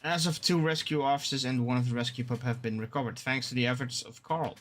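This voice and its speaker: A man's voice: medium pitch, steady tone, fast talker, a bit bright, close to an everyday voice. A ship captain briefing a rookie, read out by a man. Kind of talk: reading game dialogue aloud.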